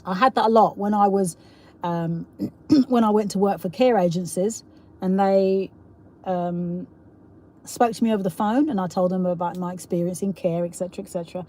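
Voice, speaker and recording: Her voice is mid-range and somewhat dark, delivered at a normal speed. A middle-aged woman from England with a South East London accent, she runs a casual live stream where she rambles, laughs frequently, and reads viewer comments out loud.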